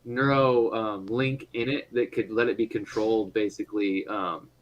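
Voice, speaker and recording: A man's voice: fairly low pitch, fairly even intonation, normal speed, lo-fi sound. A man narrating a tabletop role-playing game as game master, rambling through fillers and restarts and laughing often.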